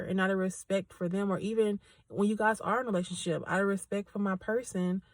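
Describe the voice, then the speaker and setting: A woman's voice: mid-range voice, fairly even intonation, fairly quick, few pauses, dry recording. A woman hosting a podcast, giving a casual faith talk and personal testimony in an earnest, chatty way. She often laughs between phrases and addresses listeners directly. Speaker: podcast host.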